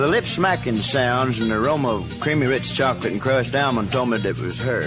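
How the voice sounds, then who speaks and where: A man telling a comic first-person story as a radio ad narrator, in a playful manner. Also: medium pitch.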